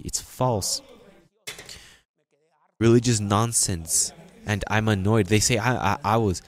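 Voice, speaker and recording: A male pastor preaching a sermon in an emphatic, repetitive way, rising into loud peaks. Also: lowish voice, steady tone, unhurried.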